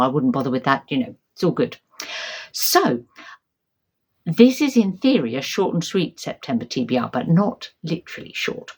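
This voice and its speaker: Low-voiced middle-aged woman, rambly book chat, lots of ums and restarts. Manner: chatty, hesitant, many ums and restarts. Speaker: book vlogger. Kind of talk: casual book chat to camera.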